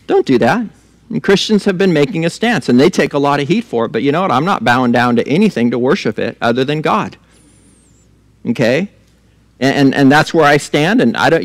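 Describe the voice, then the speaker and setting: A man's voice: a little high, dry recording. A middle-aged male pastor preaching a sermon in a conversational way, with laughing asides and repeated words as he restarts.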